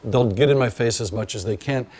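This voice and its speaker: A man's voice: mid-range voice, a little fast, darkish tone, a little hiss or hum. A man who teaches elementary school, talking frankly and with energy about his class. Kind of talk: documentary interview and classroom teaching.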